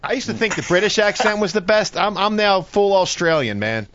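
Guy hosting a fishing show, jokey, says dude a lot, bouncy pitch. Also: animated, a little fast, fairly bright tone, slight background noise. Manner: joking, loose, keeps saying "dude". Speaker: show host. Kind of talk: casual radio chat. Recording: slightly dull audio.

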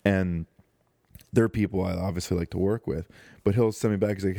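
A young man talks alone into a close microphone, hosting his podcast in a loose, joking ramble full of fillers and restarts. His voice sits low, with a dark, mellow tone. The sound is dry, with no room around it. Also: steady tone, fairly quick, gravelly, no echo. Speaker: podcast host. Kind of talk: casual solo podcast monologue. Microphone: close studio microphone.

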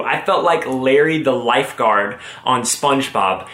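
An energetic young man preaches with a joking, storytelling manner. His medium-pitched voice rings out in a roomy, echoing hall, and he jumps up into bright, excited bursts as his stories build. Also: normal speed. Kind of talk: sermon with storytelling. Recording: roomy echo.

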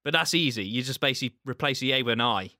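A man's voice: mid-range voice, expressive, very fast, pushed and bright, dry recording, studio quality. A man co-hosting a casual podcast, self-deprecating and rambling, often restarting his sentences. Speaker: podcast co-host. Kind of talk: casual chat.

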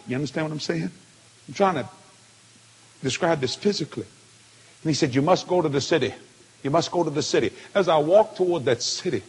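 A man preaching a testimony sermon, telling it with feeling and swinging from hushed tones to shouts. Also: a little high, slightly rough. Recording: long hall reverb.

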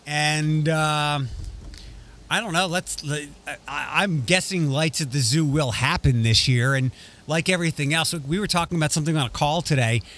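A man's voice: on the high side, moderate pace, a bit bright. A man hosting a casual podcast chat, rambling with frequent restarts. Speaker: radio host.

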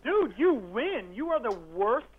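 A man on the receiving end of a prank phone call, loud and mocking, swearing heavily. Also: very high voice, very animated, measured pace, heavy background noise.

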